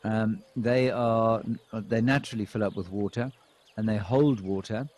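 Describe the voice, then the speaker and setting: A man hosting a live wildlife cam show, reading out viewer comments and commenting on animals with relaxed, dry humor. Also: lowish voice, measured pace. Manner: dry, deadpan jokes.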